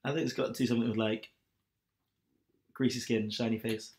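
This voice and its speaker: A man chatting away on a podcast at a quick clip. His voice sits at an ordinary middle pitch, and he slips into laughs easily as he talks. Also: flat delivery, darkish tone. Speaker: podcast co-host. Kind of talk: casual chat.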